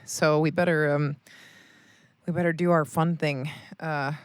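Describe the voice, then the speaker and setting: A woman's voice: sits low, flat delivery, a little slow, clean tone, no echo. A woman co-hosting a podcast in a parked RV, chatting casually, teasing and laughing often. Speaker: podcast co-host. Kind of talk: casual chat. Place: parked RV at a rest area.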